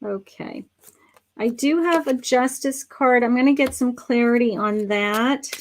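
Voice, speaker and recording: A middle-aged woman with a fairly high voice gives a live psychic reading, her words drifting through fillers and restarts. She sounds a little worn, as if her voice is going, and calls her listeners honey and sweetheart. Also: a little slow, a little hiss or hum. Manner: soft-spoken, meandering, with many fillers and restarts. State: losing her voice. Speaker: psychic medium livestream host.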